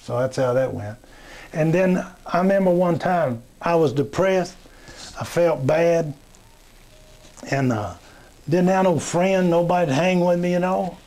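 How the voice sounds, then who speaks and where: A man telling rambling jokes in a folksy, plain-spoken way, with many pauses. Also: high-pitched, a little mellow. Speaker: comedian. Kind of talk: rambling joke telling to camera. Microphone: webcam or camera in front.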